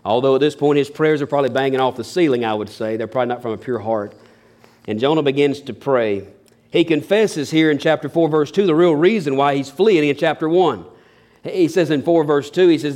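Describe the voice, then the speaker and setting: A man preaching a sermon in an animated, humorous, folksy way. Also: fairly high pitch, fairly quick. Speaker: pastor.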